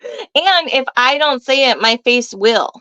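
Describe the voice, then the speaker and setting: A young woman tells a story in casual chat, brash and profane, laughing often. Her voice sits fairly high, and the recording is dry and a little dull. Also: animated, a little slow, sharp tone, no echo. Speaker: guest.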